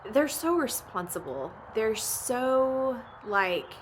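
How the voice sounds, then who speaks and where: A woman's voice: on the high side, big pitch swings, slow, a little hiss or hum. A woman, chatting casually about family life and laughing often. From Oklahoma. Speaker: vlogger and ranch mom. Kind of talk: casual chat.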